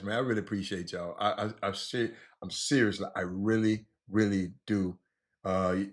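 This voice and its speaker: Lively middle-aged man hosting sports talk. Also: lowish voice. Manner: animated, repeats himself, shouts out listeners. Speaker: sports talk show host. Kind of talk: casual call-in sports talk.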